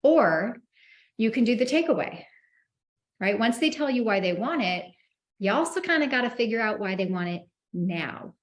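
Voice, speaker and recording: A woman teaching telephone sales, confident and emphatic, acting out call lines in a brighter voice. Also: fairly high pitch, animated, moderate pace. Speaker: insurance sales trainer. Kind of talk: instructional talk to the camera.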